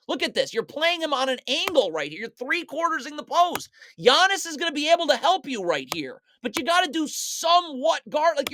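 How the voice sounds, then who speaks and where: Sarcastic mock-furious basketball film breakdown. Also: a little hiss or hum. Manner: sarcastic, mock-exasperated, talks directly to the players; swings between low mutters and loud outbursts. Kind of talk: video breakdown commentary over game footage.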